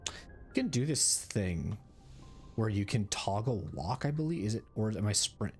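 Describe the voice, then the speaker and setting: A man's voice: lowish voice, sing-song, a little slow, soft background music. A man streaming a video game, chatting casually in a rambling, cursing way. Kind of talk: casual gaming commentary.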